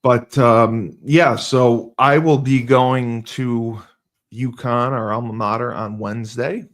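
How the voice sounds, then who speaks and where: Rambling football coach hosting a chat. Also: male voice, medium pitch, fairly even intonation, takes it slowly. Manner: rambling, teasing, frequent fillers. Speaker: football coach and podcast host. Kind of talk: casual chat.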